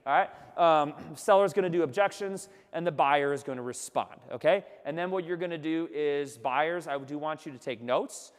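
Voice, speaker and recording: A man's voice: a little high, normal speed, few pauses, clear, resonant tone, in a large hall. A man teaching a live business workshop, coaching energetically and checking in with "okay?" after nearly every sentence. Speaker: workshop instructor. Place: seminar room with remote attendees.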